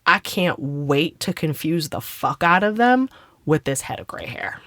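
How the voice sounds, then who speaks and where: A woman's voice: a little slow, no room sound, studio quality. A woman in her thirties co-hosting a podcast, chatting casually and telling stories with lots of swearing. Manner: animated storyteller, swears freely, acts out quotes with big pitch jumps. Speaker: podcast co-host. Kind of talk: casual chat.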